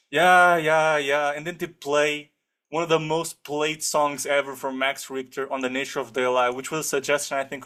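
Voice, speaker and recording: A man with a Portuguese accent co-hosting a film podcast, talking in a casual, animated and sarcastic way and acting out scenes as he goes. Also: fairly high pitch. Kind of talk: casual film review chat.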